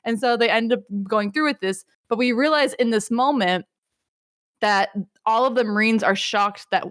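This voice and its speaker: A young woman co-hosting a podcast, recapping a story in an animated, rambling casual chat. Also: a little high, moderate pace, smooth, dry recording, clean studio sound. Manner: animated, rambling, lots of fillers. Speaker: podcast co-host.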